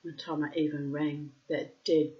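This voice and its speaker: A woman's voice: deep voice, level tone, measured pace. A middle-aged woman rambling profanely through a casual monologue with theatrical asides. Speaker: reader and host. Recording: dull lo-fi recording.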